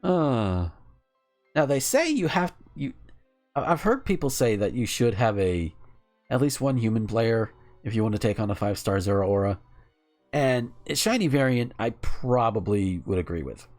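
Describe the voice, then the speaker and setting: A young adult man from the American South, giving animated live commentary while gaming, cursing and laughing at the game. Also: mid-range voice, moderate pace, faint music behind. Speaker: game streamer.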